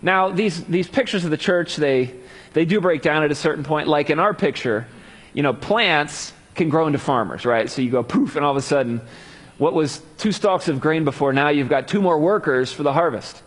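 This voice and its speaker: A man giving a conversational Bible teaching, casual in his asides and animated when he reads scripture aloud. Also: fairly high pitch, moderate pace, slightly rough. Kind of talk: conversational sermon. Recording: long hall reverb.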